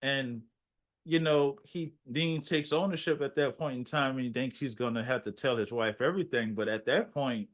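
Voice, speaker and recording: A man co-hosting a casual movie review chat, backing up his partner with quick agreement, jokes and quoted lines. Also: mid-range voice. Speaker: podcast co-host.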